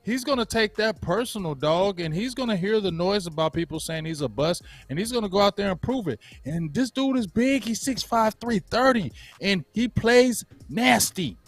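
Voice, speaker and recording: Man, co-host, animated, slangy, fairly high voice, dry sound, faint music. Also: no echo. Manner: animated, slangy, quick to joke. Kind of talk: casual sports chat.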